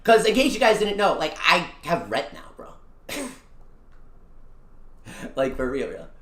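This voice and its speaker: A young-adult VTuber streamer chatting casually with viewers during a game, excitable and slangy, swinging from low mutters to loud wails. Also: a little slow. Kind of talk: casual live-stream chat over a mobile gacha game. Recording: echoey room.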